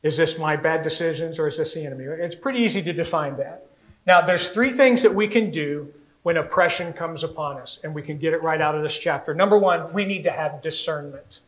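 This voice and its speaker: An American man preaching a sermon as pastor, telling stories in an animated way and acting out little voices. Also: a little high, a little fast, poor audio. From United States.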